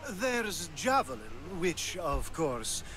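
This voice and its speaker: A man's voice: on the high side, sing-song. An actor playing a flirtatious, foppish male Athenian companion who makes teasing, suggestive remarks in a video game. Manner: teasing, suggestive, drawn-out innuendo.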